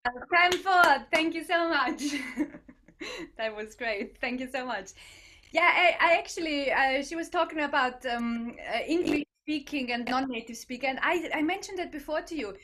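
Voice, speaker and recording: A woman's voice: high-pitched, moderate pace, pushed and bright. A woman hosting an online comedy show over a video call, talking hesitantly with many fillers and giggling often.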